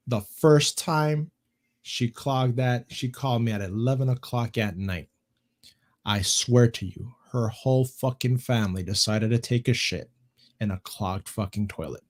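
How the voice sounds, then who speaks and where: A man hosting a casual online talk show, swearing freely as he tells his stories. He talks in an animated, rambling way and repeats his words. His voice sits at a middle pitch. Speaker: podcast host. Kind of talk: casual chat.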